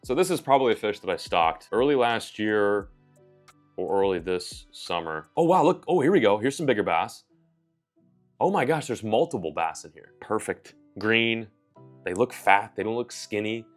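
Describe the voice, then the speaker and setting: Man vlogging by a backyard pond, lowish voice, casual and excitable, faint music behind. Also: normal speed. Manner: excitable, exclaims when surprised. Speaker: fishing vlogger. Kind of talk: casual vlog narration.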